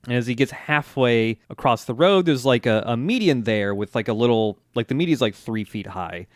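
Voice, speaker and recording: A man's voice: mid-range voice, lively intonation, normal speed, dry recording. Chatty man recapping with dry sound. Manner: acts out character lines with laughs. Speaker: podcast co-host. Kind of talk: casual recap chat.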